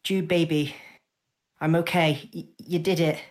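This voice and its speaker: An earnest young male bard, put on by a woman in a tabletop session, low in pitch. He pleads softly and trips over his words at times. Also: steady tone, unhurried. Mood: pleading. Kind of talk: tabletop role-play in character.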